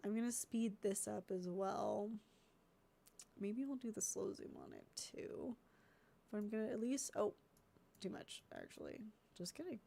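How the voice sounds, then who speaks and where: A woman's voice: medium pitch, big pitch swings, measured pace, creaky, pauses often, mellow. A congested woman streamer chatting casually and thinking aloud while editing videos, easily distracted.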